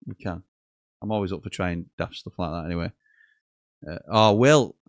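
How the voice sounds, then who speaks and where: A man hosts a live football watchalong in a relaxed, joking way, reading out viewers' messages as he goes. His voice sits a little low. The sound is dry and close, with no room echo. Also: moderate pace. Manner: chatty, jokey, reads out messages and chuckles often. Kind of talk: live casual commentary reading viewer chat.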